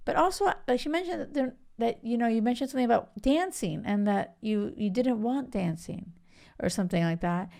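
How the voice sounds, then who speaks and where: A woman's voice: fairly high pitch, creaky, a little mellow. A woman retelling a phone call and quoting a polite young man who tries to keep the peace. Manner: hesitant and courteous, quick and eager.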